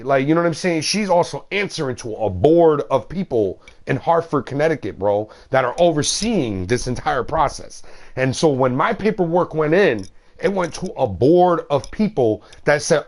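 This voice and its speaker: A man's voice: on the high side, lively intonation, normal speed. A man streaming a game, chatting casually in a slangy, rambling way and swearing freely. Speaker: gaming streamer.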